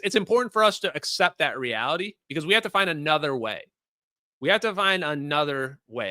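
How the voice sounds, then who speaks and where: A man hosts a livestream in a casual, animated way, chatting straight to his viewers. His voice is very bright and sits a little high for a man, and the recording is close and dry. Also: no room sound. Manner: animated, conversational, addresses viewers as guys. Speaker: host.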